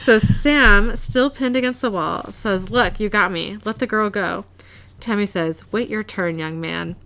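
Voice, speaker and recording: Gravelly-voiced woman recapping scenes. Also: medium pitch, unhurried, fairly bright tone. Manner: narrates scenes and quotes characters, laughs often. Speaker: podcast co-host recapping an episode. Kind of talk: casual chat, reading scenes aloud.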